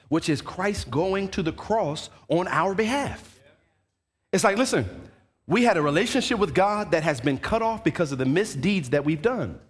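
A man preaching a sermon to his congregation, his fairly high voice leaping around in lively swings. He slips into quick put-on voices of grumbling churchgoers as he goes. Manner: animated preaching, acts out quoted voices of churchgoers. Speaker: pastor. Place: church sanctuary.

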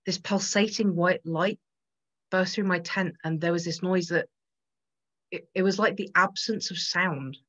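A woman's voice: lowish voice, unhurried, a bit bright, muffled recording. A woman voicing a frightened young woman who strains and pleads as she fights to recall what happened. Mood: distraught. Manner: pleading, strained, rising in distress.

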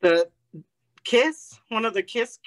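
A woman's voice: a little high, expressive, takes it slowly, rough recording. A woman co-hosting a podcast, bantering bluntly and jokingly in casual chat. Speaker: podcast co-host.

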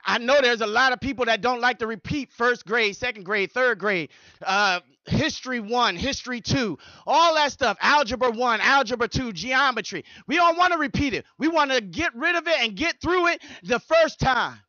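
High bright-voiced preaching pastor. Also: male voice, lively intonation, moderate pace, no echo, lo-fi sound. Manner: preaching with repeated rhythmic phrases. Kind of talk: sermon.

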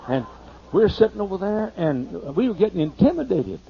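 A man pastor telling a humorous, folksy story during a sermon, slowing down to list items one by one. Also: high voice, lively intonation, gravelly, a little hiss or hum. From United States. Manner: folksy and humorous, lists things slowly. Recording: muffled older sermon tape.

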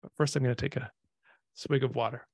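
Male lecturer, easygoing explainer, slight fry, dry close mic. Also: medium pitch, brisk, dry recording. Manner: relaxed and explanatory, with frequent ums. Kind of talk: informal lecture.

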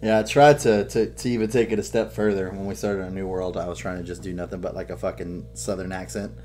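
A man's voice: low voice, fast, faint music behind. A young man co-hosting a podcast, swearing freely and laughing a lot as he tells stories. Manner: profane, animated, laughs a lot. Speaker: podcast co-host. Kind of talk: casual gaming chat.

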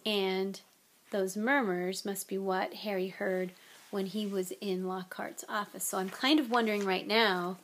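A woman reads a novel aloud with lively expression. Between chapters she chats to listeners in a relaxed, friendly tone. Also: medium pitch. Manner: expressive, relaxed, chatty asides. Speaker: audiobook reader.

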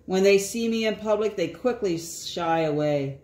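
A woman reading psalms aloud in an earnest, deliberate way. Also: mid-range voice, darkish tone. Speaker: scripture reader. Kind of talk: slow prayerful reading of psalms. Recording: echoey room.

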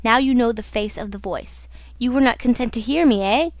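A disfigured, tormented man of a gothic storybook, mocking one moment and crying out in anguish the next, as a woman reader puts him on. The voice sits fairly high and sounds dry and close. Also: a little fast, no room sound, lightly acted. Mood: mocking, bitter. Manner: alternates mocking taunts with anguished cries. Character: disfigured tormented man, raging and self-pitying. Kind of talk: audiobook reading.

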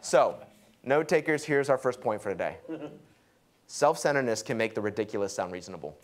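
A young adult man preaching a sermon, animated and acting out quotes. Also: a little fast. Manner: lively, acts out quotes with pitch jumps. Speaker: pastor.

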